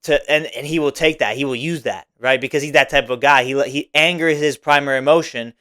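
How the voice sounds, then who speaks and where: A man's voice: mid-range voice, a little fast, sharp tone. A young man hosting a solo podcast, talking casually and rambling, with many "like"s and "right?"s. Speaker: podcast host.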